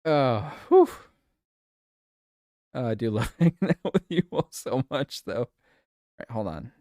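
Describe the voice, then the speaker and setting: A man's voice: medium pitch, sing-song, unhurried, mellow, no echo, clean studio sound. A man streaming live, chatting casually with his viewers, giggling a lot and swearing playfully.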